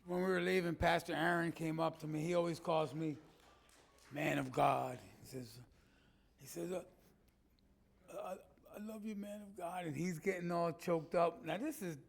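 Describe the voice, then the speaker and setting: A man, a pastor, telling his congregation about a mission trip over slides, animated and emphatic with folksy asides. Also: on the high side, gravelly. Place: church.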